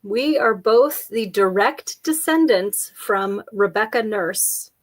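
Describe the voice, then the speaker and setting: A woman co-host in casual conversation, talking at an unhurried, drawn-out pace. She tells rambling, jokey anecdotes and laughs often, with an easygoing, playful delivery. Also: medium pitch, animated. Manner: chatty, jokey storyteller, frequent laughs. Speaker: podcast co-host. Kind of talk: casual chat.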